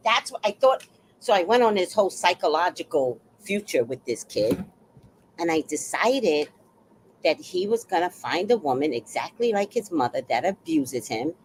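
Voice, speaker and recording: A woman's voice: fairly low pitch, a little mellow, slight background noise. A woman telling a neighborhood story in a casual vlog, blunt and profane, acting out the people she describes. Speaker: vlogger.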